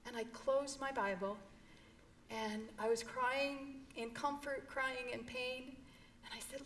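A woman's voice: high-pitched, fairly even intonation, slow pace, a bit bright, a little hiss or hum. A middle-aged woman telling an emotional personal story in an interview, earnest and heartfelt. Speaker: guest.

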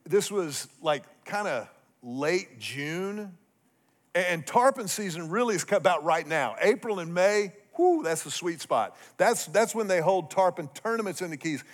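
Middle-aged male pastor, lively humorous sermon storyteller, voice a touch high. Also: unhurried. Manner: animated, humorous storyteller with swings in loudness.

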